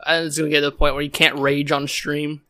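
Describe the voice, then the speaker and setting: A man's voice: a little high, completely flat delivery, fast talker, pushed and bright, no echo, studio quality. A man co-hosting a stream, chatting in a laid-back, agreeable way. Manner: laid-back, agreeable, lots of "dude" and "you know". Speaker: streamer co-host. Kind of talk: casual chat.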